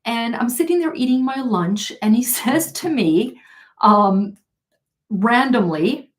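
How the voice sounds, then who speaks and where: A woman's voice: a little high, expressive, slow. A woman hosting a tarot live stream, telling a story in a casual, chatty way and often laughing as she reads viewer comments. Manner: chatty, laughs often, many fillers and restarts.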